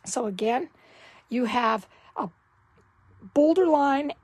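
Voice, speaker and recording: A woman giving a casual card-making tutorial, talking slowly and thinking aloud as she works. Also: high-pitched, darkish tone, no echo, rough recording.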